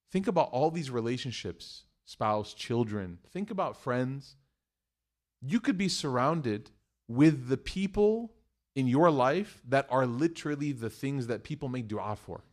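A middle-aged man giving a religious talk, telling a family story in an animated way, acting out quotes and using Arabic phrases. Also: medium pitch, a little slow. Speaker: Muslim speaker.

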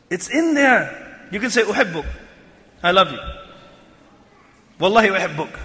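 High bright-voiced man preaching in a hall. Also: brisk. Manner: animated, rises to emphatic near-shouts on key phrases; quotes Arabic phrases and explains them in English. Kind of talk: sermon. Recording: long hall reverb.

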